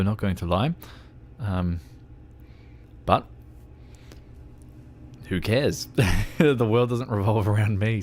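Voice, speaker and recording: A man's voice: on the low side, a little mellow, a little hiss or hum. An Australian man chatting casually while livestreaming a driving game, joking, swearing and poking fun at himself. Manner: joking, swears freely, self-deprecating. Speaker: game streamer.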